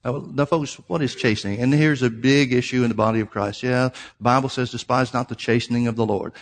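A man's voice: mid-range voice, steady tone, fairly quick. A man preaching a sermon, reading scripture aloud and explaining it, emphatic and repeating key phrases for his listeners.

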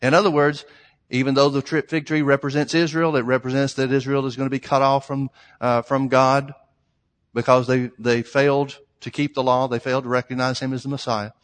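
A man's voice: mid-range voice, little pitch movement, brisk. A man preaching a sermon, emphatic, stretching out the scripture lines he reads. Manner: emphatic, reads scripture in old-style phrasing. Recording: long hall reverb.

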